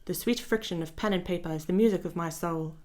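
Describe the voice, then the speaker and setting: A woman's voice: on the low side, quick pace, darkish tone, close to an everyday voice. A woman voicing a whimsical, old-fashioned young male writer in a put-on British accent, flowery and dreamy. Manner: flowery, dreamy, self-deprecating.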